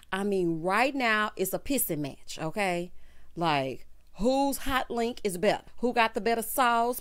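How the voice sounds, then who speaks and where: Woman, sassy recap vlog, very animated pitch, dry close sound. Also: dry recording. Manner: sassy, laughs loudly, acts out characters' lines. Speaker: TV recap vlogger. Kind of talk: casual TV recap commentary.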